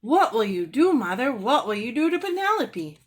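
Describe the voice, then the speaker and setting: A woman's voice: sing-song, moderate pace, fairly bright tone. A woman doing an eager little girl. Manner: eager, pleading, high.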